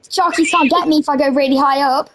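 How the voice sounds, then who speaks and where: A woman hosting a gaming video, giving excitable gameplay commentary full of playful yelling and teasing. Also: high voice, quick pace, background noise.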